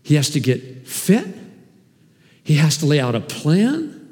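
A man preaching a sermon as pastor, animated and emphatic, with sudden swings in loudness. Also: a little high, a little slow, big-room sound. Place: church hall.

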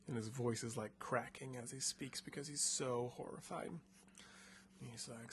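Husky man, casual gamebook narration, laid-back, playful, filler words. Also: medium pitch, fairly even intonation, normal speed, a bit bright. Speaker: co-host reading a gamebook. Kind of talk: casual narration of a choose-your-own-adventure.

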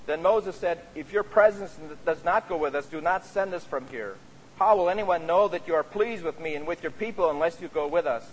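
A man's voice: fairly high pitch, a little fast, slight background noise. A man preaching a sermon as a pastor, speaking earnestly and often adding "you see" as he makes his points. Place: church sanctuary. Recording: reverberant church sanctuary.

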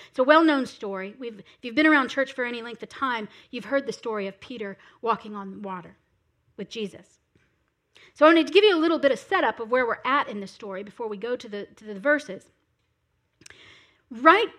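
A woman's voice: high-pitched, a bit bright. A woman preaching a sermon, earnestly reading scripture aloud and stressing key words.

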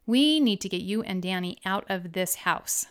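A motherly woman friend, warm and upbeat, speaks in a smooth, clear voice, voiced by a woman narrating her memoir. She stays close to the narrator's own voice. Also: mid-range voice, lively intonation, moderate pace, close to an everyday voice.

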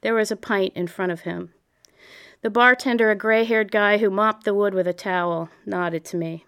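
A woman narrates a memoir in a measured, reflective storytelling style, like a clean audiobook reading. Her smooth, resonant voice sits at a middle pitch, with a steady and fairly bright tone.

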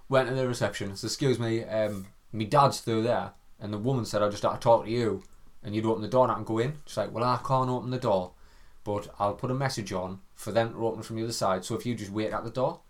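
A young man tells a story in casual podcast chat. He is animated and swears freely. He slips into mimicked voices and breaks into laughter often. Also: lowish voice, quick pace. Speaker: podcast co-host.

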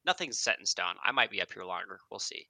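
A man with a very bright, sharp voice joins a casual podcast as a firefighter. He talks in an easygoing, rambling way, close and dry. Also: lowish voice, lively intonation, fast talker, gravelly, no room sound. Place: fire lookout tower.

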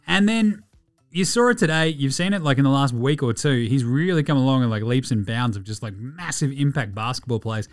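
A man's voice: fairly high pitch, normal speed, faint music behind. An Australian man hosting a podcast, giving a casual, chatty rundown of basketball games, swearing freely as he goes. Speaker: podcast host.

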